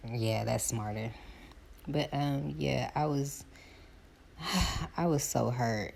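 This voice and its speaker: Very low-voiced chatty woman. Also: creaky, husky. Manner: chatty, animated retelling of phone calls. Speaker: vlogger. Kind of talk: casual storytime while doing hair.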